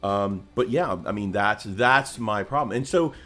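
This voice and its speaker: Low-pitched male co-host, rambling casual chatter, faint music bed. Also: a little slow, fairly bright tone. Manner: rambling, many restarts and fillers. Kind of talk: casual livestream chat.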